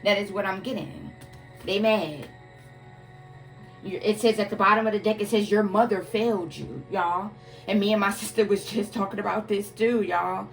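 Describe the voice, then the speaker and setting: A woman's voice: mid-range voice, normal speed, gravelly, soft background music. A woman doing a casual tarot reading for her viewers, emphatic and profane, calling them "y'all" and "collective" again and again. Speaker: tarot reader.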